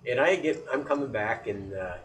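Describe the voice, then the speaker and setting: Animated man telling a story, off the mic. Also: medium pitch, moderate pace, recorded from a distance, slight background noise, low-quality recording. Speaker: podcast co-host. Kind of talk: casual storytelling.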